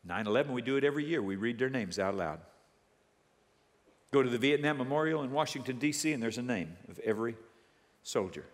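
A man's voice: medium pitch, brisk, pauses often. A male pastor preaching a sermon, telling stories with animation and calling out to his congregation. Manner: animated storytelling, calls out to congregation. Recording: long reverb of a large hall.

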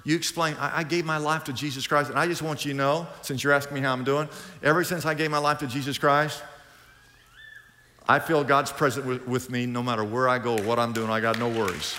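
A male pastor preaching a sermon, lively and conversational, acting out both sides of imagined conversations. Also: mid-range voice, fairly quick, big-room sound, a little hiss or hum.

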